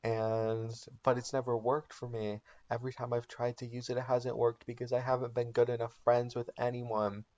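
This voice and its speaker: A man's voice: medium pitch, flat delivery, normal speed, hardly any pauses, a little mellow, muffled recording, close to an everyday voice. A man voicing a sobbing young man who desperately pleads to bring his friend back. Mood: earnest.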